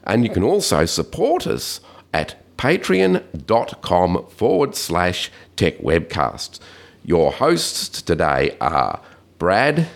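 An Australian man hosting a casual tech podcast, a bit croaky from hay fever, reading slowly and rambling in asides. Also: low-pitched, huge pitch swings. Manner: slow deliberate intro reading, rambling asides. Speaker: podcast host.

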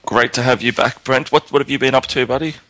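A man's voice: medium pitch, steady tone, quick pace, a bit bright, dry recording. An Australian man co-hosting a podcast, chatting casually and rambling with restarts. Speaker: podcast co-host. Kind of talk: casual chat.

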